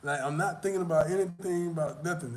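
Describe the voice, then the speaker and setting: A man's voice: a little high, fast, darkish tone. A young man chatting on a live stream, telling a rambling, profane story in a loose, casual way. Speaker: vlogger answering live chat.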